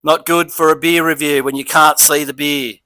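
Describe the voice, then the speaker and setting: Australian man, beer review vlog, bright forceful voice, fairly high pitch, dry close sound, rambling chatty delivery. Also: little pitch movement, normal speed, no echo, rough recording.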